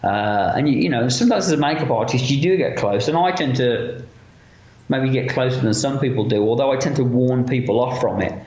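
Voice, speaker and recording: A man being interviewed as a guest, telling lively anecdotes with lots of fillers and quoted voices. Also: mid-range voice, a little fast, echoey room, lo-fi sound. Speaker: interview guest, effects makeup artist. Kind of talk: casual storytelling interview.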